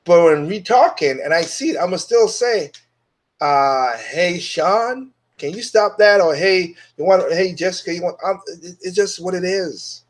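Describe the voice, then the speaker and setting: Man, blunt opinion monologue, slightly high pitch, dismissive, lots of restarts. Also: moderate pace. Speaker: host of an opinion show.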